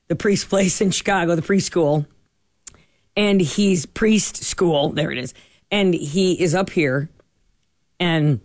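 A middle-aged woman host in casual chat, telling stories in an animated way and acting out what people said. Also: on the low side, no echo, clean studio sound. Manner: animated, acts out quoted dialogue.

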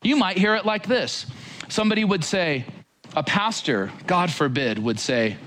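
A male preacher delivering a sermon with a lively, rising and falling delivery. His voice sits a touch high for a man. He keeps it conversational and speaks directly to the people listening. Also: moderate pace. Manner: animated, conversational, direct address.

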